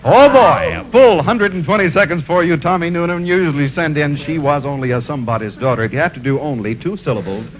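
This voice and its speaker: A man's voice: a little high, animated, fast, few pauses, low-quality recording. A man hosting a game show, bantering and teasing the players. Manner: jokey, teasing. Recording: studio audience on an old TV broadcast.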